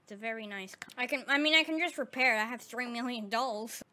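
A woman giving casual, excitable commentary over her gameplay, often exclaiming and laughing. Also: fairly high pitch, fast talker. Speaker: gaming channel host.

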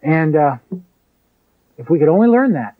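A man preaching a sermon in an emphatic way, with sharp rises and drops. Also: a little high, sing-song, moderate pace. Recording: tinny phone-like lo-fi recording.

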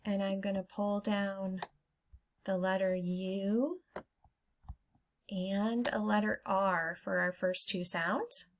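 A woman teaching young children to blend letter sounds, speaking in a slow, encouraging way and drawing the sounds out for them to repeat. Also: medium pitch, a little hiss or hum. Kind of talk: phonics lesson for young children.

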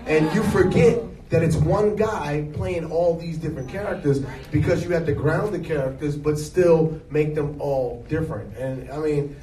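A man in his forties, an actor being interviewed, telling stories in an animated, jokey way. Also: on the high side, moderate pace, a crowd in the background. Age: 40s. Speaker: actor guest. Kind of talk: casual interview. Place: event hall with an audience. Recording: echoey hall, distant mic, noise.

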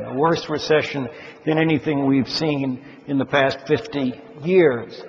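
An older man giving a measured, emphatic lecture on the economy to an audience of investors, stressing key words. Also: fairly high pitch, gravelly. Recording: dull sound in a large reverberant hall.

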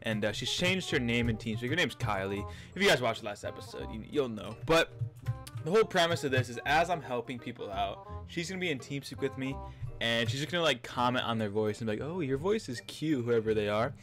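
A young man hosting a gaming vlog, chatting quickly and cheerfully to his viewers. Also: medium pitch, lively intonation, fairly bright tone, soft background music. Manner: upbeat, chatty, quick direct address to viewers. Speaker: gaming YouTuber host. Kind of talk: casual gaming vlog commentary.

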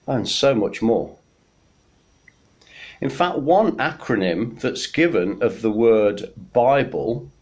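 Slow, unhurried male minister. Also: mid-range voice, animated. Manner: unhurried storytelling, gentle pauses. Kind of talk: midweek sermon message.

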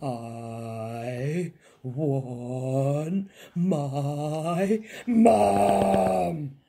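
A woman voicing a sulky little girl princess who wails for her mum in a drawn-out whine. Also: mid-range voice, expressive, mellow, pitched above the performer's own voice. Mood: wailing. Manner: drawn-out whining wail.

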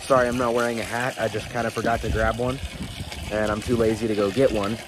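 A man's voice: lowish voice, flat delivery, quick pace. A young man chatting casually in a rambling, laid-back way while filming on a farm, his nose a little stuffy. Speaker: farm vlogger. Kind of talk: casual vlog chat. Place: outdoors on a farm by animals. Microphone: handheld camera. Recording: outdoor noise, wind and water. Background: running water and wind.

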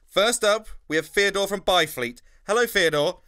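A man playing a calm male radio phone-in host with a smooth presenter delivery and dry reactions. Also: sits high, moderate pace, no echo.

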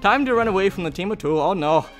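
Young male gaming host, excitable play-by-play, lively voice, light music bed. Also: sits high, fast talker. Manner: excitable, talks to opponents, bursts into shouts. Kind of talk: casual gameplay commentary.

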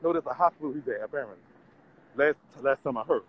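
A man's voice: medium pitch, fast talker, dull audio, a little hiss or hum. A man, vlogging on city streets in a brash, profane, laughing rant. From Louisiana. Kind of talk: casual street vlog rant.

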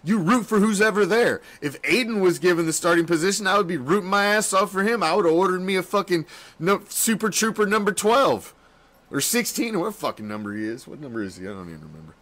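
Profane, excitable male sports fan host. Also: high-pitched, fast talker. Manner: excitable, swears constantly, laughs often, swings between yelling and muttering. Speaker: host of a fan reaction show. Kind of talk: profane postgame rant. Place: home studio room.

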